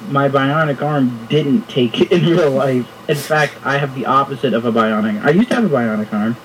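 A man's voice: medium pitch, moderate pace, a bit bright, distant mic, a little hiss or hum, rough recording. A man co-hosting a podcast, trading joking, teasing banter. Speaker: podcast co-host. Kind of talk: casual chat.

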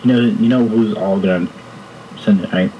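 A man's voice: on the low side, steady tone, normal speed, distant mic, dull audio, slight background noise. A man co-hosting a podcast, trading joking, teasing banter. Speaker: podcast co-host. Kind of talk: casual chat.

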